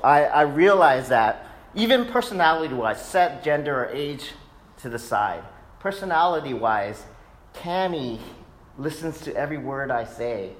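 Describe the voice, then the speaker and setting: A man's voice: on the high side, expressive, a little slow. A man in his thirties, a pastor, preaching a casual sermon in a church sanctuary and telling stories with frequent "right?" asides. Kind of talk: conversational sermon.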